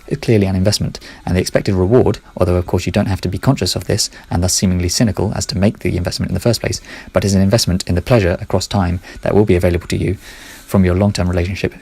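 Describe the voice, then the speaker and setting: A man's voice: sits low, creaky, a little mellow, slightly rough. A man talking through his ideas in a casual monologue, rambling, correcting himself and muttering asides under his breath.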